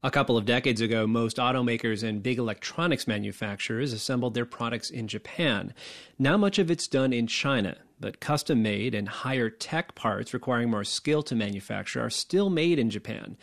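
Gravelly male news reporter. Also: mid-range voice, normal speed.

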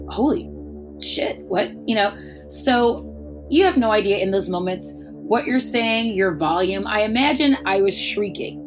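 Woman telling a candid, wry story. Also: mid-range voice. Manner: candid, wry and profane, acting out the voices of people in the story. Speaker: guest telling a personal story. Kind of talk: casual spoken storytelling.

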